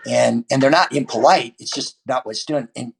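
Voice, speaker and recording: A man's voice: medium pitch, moderate pace, vocal fry, a little hiss or hum. A man, a martial arts teacher, talking as a podcast guest in a loose, rambling way with many restarts and fillers. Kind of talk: podcast interview guest, casual talk.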